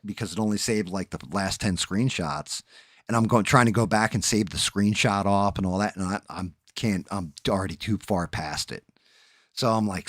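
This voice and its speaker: A man's voice: fairly low pitch, normal speed, dry recording, studio quality. A man, telling rambling, profane stories in a casual chat as a stream host. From New Jersey. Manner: rambling, profane, laid-back storyteller.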